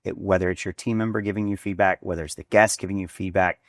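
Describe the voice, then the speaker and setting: A man in his forties speaks in a deep, low register, recounting business stories with animated energy and little bits of acted-out dialogue. He restarts phrases often as he thinks aloud. The sound is dry and close, with no room around it. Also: fast, no room sound. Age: 40s. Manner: animated storyteller, acts out dialogue, frequent restarts. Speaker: restaurant chain executive, guest. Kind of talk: conversational interview storytelling.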